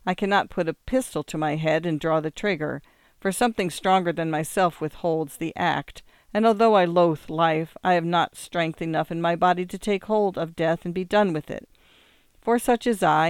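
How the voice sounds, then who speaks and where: A man's voice: fairly high pitch, clean tone, no echo, clean studio sound, natural voice. A man reading as a feverish, despairing young man. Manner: intense, rising theatrical delivery.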